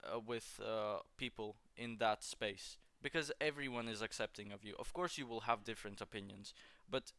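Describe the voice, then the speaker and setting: A man speaking earnestly in a casual conversation, slow and measured, pausing with hesitant fillers. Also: fairly low pitch, sharp tone, clean tone, dry recording.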